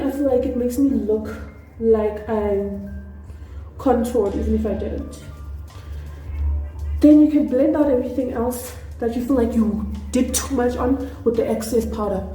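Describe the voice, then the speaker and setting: A South African woman doing a put-on Nigerian accent, chatting excitedly and laughing at herself through a makeup tutorial. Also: fairly high pitch, unhurried, long pauses. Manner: chatty, excitable, self-deprecating. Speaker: beauty vlogger. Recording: echoey room with faint music.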